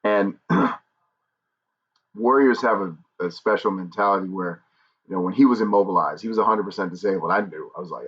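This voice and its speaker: Candid male streamer, fairly low voice, muffled lo-fi stream sound. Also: a little fast. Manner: earnest, candid, jokes between somber moments. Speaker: YouTube livestream host. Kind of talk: casual livestream talk to viewers. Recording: dull lo-fi stream audio.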